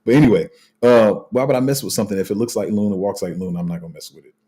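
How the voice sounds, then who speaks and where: A man's voice: fairly low pitch, lively intonation, very fast, mellow, breathy edge. A man hosting a casual crypto livestream, rambling through viewer comments with lots of fillers, restarts and slang.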